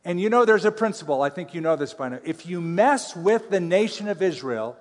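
A man's voice: high-pitched, lively intonation, brisk. Man preaching in a reverberant hall. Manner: conversational Bible teaching with playful asides. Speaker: pastor. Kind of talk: sermon.

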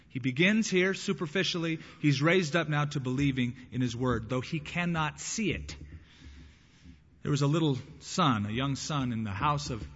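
A man delivers a sermon with husky warmth, his voice a touch higher than most men's. He drops to quiet asides, then rises into loud, emphatic bursts. The sound is dull and lo-fi, with a long church reverb trailing his words. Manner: preaching with rising bursts and acted quotes. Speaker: pastor.

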